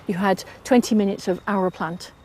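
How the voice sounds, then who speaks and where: A woman's voice: mid-range voice, fairly even intonation, moderate pace, noisy background. A woman historian answering interview questions in a fluent, explanatory way with occasional ums.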